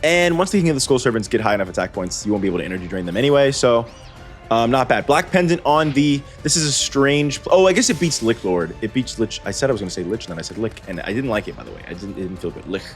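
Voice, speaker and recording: A man's voice: mid-range voice, animated, fast. Guy calling card game duels, rambles, cuts himself off, wry little jokes, faint music under him. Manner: rambling, self-correcting, wry asides. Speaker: host and commentator. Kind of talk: gameplay commentary.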